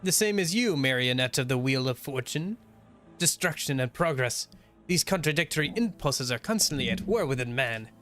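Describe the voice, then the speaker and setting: A man's voice: mid-range voice, animated, moderate pace, fairly bright tone, faint music behind, natural voice. A man reading aloud the lines of a cold, ghostly male villain from the past in a solemn, declaiming way. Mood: ominous.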